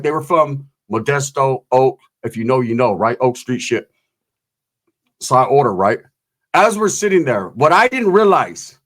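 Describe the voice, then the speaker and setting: A man telling a profane comic story in a lively way, often tagging lines with "right?". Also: fairly high pitch. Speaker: comedic storyteller. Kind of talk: profane comedic anecdote.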